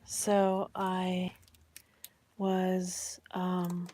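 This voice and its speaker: A woman vlogging casually about her molds, excited and chatty, sometimes dropping to a near-whisper. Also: fairly low pitch, very slow, a little hiss or hum. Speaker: crafts vlogger. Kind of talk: casual chat.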